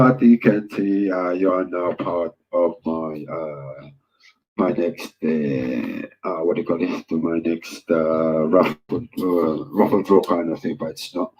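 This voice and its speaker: A man hosting a casual livestream, greeting viewers in loud, upbeat bursts and rambling hesitantly with lots of filler words. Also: sits low, lo-fi sound.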